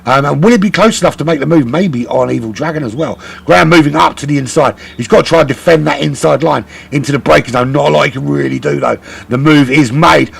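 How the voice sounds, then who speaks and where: A man's voice: a little high, fast talker, gravelly, few pauses, slightly rough. A man commentating a sim race live, chatty and rambling, often correcting himself.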